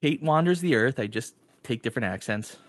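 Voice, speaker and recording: A goofy stand-in character with a put-on mixed Midwest and Canadian twang, as a man plays him on a podcast. He drawls, swings his pitch all over the place and keeps adding "don't you know" to his lines. The sound is dry and close. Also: lively intonation, brisk, dry recording, lightly acted. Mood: folksy. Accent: put-on mix of Midwest and Canadian. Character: goofy male stand-in with a wandering folksy accent.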